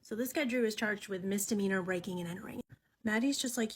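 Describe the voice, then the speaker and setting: A woman telling a true creepy story in a casual, dramatic way, often dropping into hushed whispers and swearing freely. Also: medium pitch, fairly even intonation, brisk, husky.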